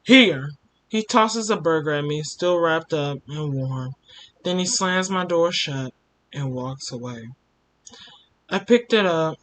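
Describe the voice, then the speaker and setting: A man's voice: a little high, lively intonation, measured pace, a bit bright. A young man reading a fan fiction story aloud for his channel, emotional, often stopping to comment and sigh. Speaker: storytime YouTuber.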